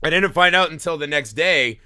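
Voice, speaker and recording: A man in his thirties from the US Midwest hosts a casual podcast chat. His voice is bright and sharp, and it leaps all over as he acts out screams and curses through a story. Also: on the high side, brisk. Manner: animated, swearing, acts out shouts and laughs while telling stories. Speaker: podcast host.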